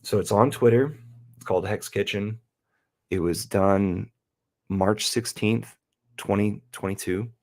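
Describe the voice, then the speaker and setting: Slow, gravelly-voiced man rambling. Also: lowish voice. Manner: rambling, self-interrupting. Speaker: podcast host. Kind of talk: casual rambling chat.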